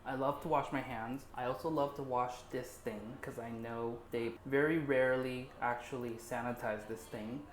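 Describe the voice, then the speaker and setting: A man's voice: mid-range voice, fairly even intonation, moderate pace, hardly any pauses. A man in his twenties, wry and joking, talking to his handheld camera as he walks city streets and eats in a restaurant. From China. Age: 20s. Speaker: vlogger. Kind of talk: casual walking vlog. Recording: noisy street recording.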